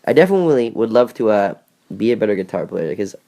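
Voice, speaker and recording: A man's voice: fairly low pitch, very animated, fast talker, creaky, mellow. A young man co-hosting a casual podcast, rambling and joking with lots of fillers, recorded in a bedroom. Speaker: podcast co-host. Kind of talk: casual chat.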